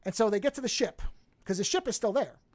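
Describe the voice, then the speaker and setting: A man's voice: high voice, animated, quick pace, dry recording. A man on a casual podcast, telling a movie story with lots of energy. He jumps into the characters' lines and swears freely as he goes. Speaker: podcast host. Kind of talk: casual chat.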